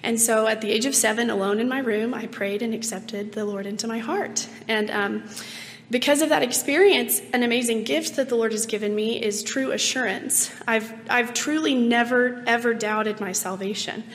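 Hoarse woman giving an earnest testimony. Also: on the high side, normal speed. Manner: earnest and reflective, with frequent ums and light laughs. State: hoarse, rough-voiced. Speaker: speaker giving a personal testimony. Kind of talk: personal faith testimony. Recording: long reverb, faint background noise.

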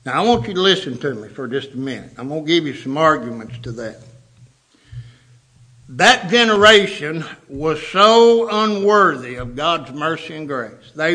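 Emphatic bright-voiced male preacher. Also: a little high. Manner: emphatic, repeats for stress. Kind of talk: sermon.

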